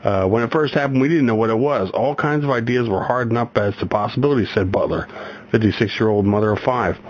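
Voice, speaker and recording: A man's voice: medium pitch, fast. A man hosting a radio show, chatting casually and reading a news story aloud with many restarts and chuckles. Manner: rambling, self-correcting, chuckles often. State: getting over a migraine. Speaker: radio host. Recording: slightly dull radio recording, faint background noise.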